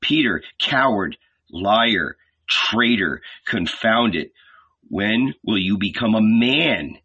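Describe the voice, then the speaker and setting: A man voicing a stern, wrathful male prophet-teacher, speaking slowly and commandingly, on a dull lo-fi recording. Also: lowish voice, animated, sharp tone, slightly rough, heavily acted.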